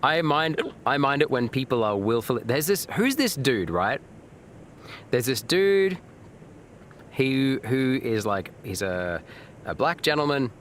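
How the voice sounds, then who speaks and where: This live game streamer has a mid-range, fairly bright voice, with a little hiss or hum on the audio. He rambles casually, reads and responds to chat, and his speech is heavy with fillers and restarts, with some swearing.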